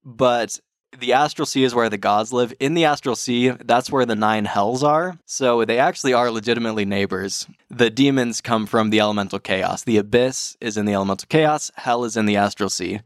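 A man's voice: on the low side, no echo, studio quality. A man narrating as dungeon master in a casual, chatty way. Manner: casual, chatty, many fillers. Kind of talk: narrating a tabletop game.

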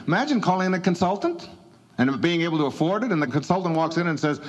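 A man's voice: high voice, big pitch swings, quick pace. A man giving a motivational talk in a conversational, emphatic way, chuckling between points. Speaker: motivational speaker.

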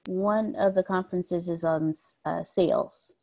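A woman with a low, gravelly, mellow voice speaks up briefly in a team meeting. She is matter-of-fact, and the sound is dry and close. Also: steady tone, measured pace, no echo. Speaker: team member.

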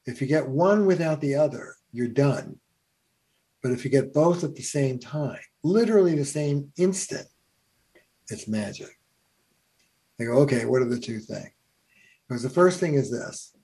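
Gravelly, dark-voiced male storyteller. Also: mid-range voice, normal speed, pauses often. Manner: animated storyteller, many fillers. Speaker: family therapist, guest. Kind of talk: storytelling in a podcast conversation.

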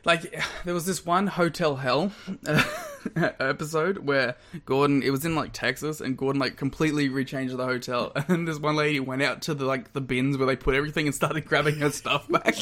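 A man, co-hosting a podcast in casual chat, lively and quick to laugh as he rambles through stories. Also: fairly high pitch. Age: 20s. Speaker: podcast co-host.

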